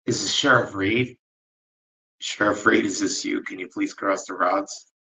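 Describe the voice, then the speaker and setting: A man with a deep but bright, forward voice leads a dowsing-rod spirit session. He speaks in slow, polite requests separated by long pauses. When he is moved, his voice turns soft. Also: steady tone, vocal fry, rough recording. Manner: gets emotional and soft-spoken. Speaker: ghost hunter.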